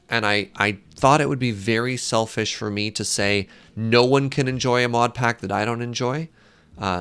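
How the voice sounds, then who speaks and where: Gravelly-voiced man streaming with chat. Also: medium pitch, a bit bright. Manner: joking, self-deprecating, chats with viewers. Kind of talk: casual live-stream chat while gaming.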